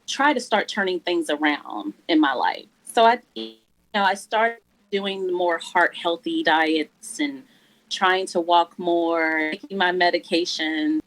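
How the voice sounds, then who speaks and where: A woman in her forties telling her own story as a guest, earnest and halting, her voice catching with emotion. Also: fairly low pitch, fairly bright tone, rough recording. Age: 40s. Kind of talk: candid personal story in a church interview.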